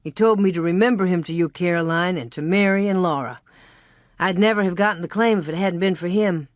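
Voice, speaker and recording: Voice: mid-range voice, fairly quick, no echo, natural voice. Folksy pioneer dad telling a yarn, reader putting him on, hearty, dry sound. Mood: lively telling. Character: frontier father, cheerful storyteller man.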